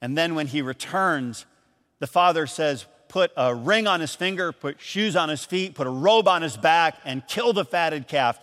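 A man from Michigan preaching a sermon as an animated storyteller, raising his voice when he calls out lines. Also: fairly high pitch, moderate pace, long reverb tail. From Michigan, USA. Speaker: pastor.

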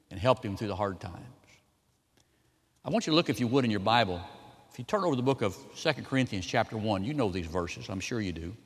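A male pastor delivers a sermon from a church sanctuary. His voice sits at an ordinary mid pitch. He pushes hard on key lines and then drops almost to a murmur. A long hall reverb follows every phrase. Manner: emphatic preaching, swinging between loud and soft.

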